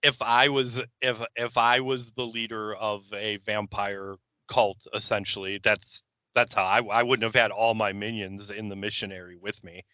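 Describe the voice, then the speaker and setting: Deadpan male podcast co-host, lowish voice, dry close mic. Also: moderate pace, no room sound, muffled recording. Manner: wry, deadpan, mock-formal phrasing. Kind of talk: casual chat.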